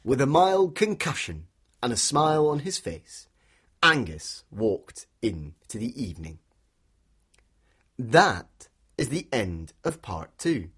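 A man's voice: mid-range voice, big pitch swings, takes it slowly, a bit bright, slightly rough. A man, telling an interactive children's story and inviting listeners to join in. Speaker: storyteller guide for a children's walk.

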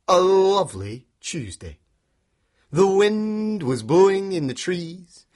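Playful husky man telling a children's story. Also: mid-range voice. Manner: playful, animated, prompts listeners to join in. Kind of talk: interactive story narration for children.

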